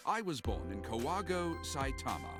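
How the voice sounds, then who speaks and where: A pompous old taxi driver whose affected, formal diction rides huge swoops of pitch. The game's music plays loudly beneath him. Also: male voice, wildly swooping pitch, moderate pace. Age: older. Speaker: game character.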